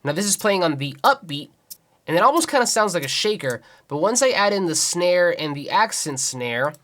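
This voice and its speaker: With big pitch swings and a fairly bright, high voice, a young producer explains his beat layer by layer at a normal speed. It's a casual tutorial walkthrough, with the beat playing back as he counts the rhythm aloud.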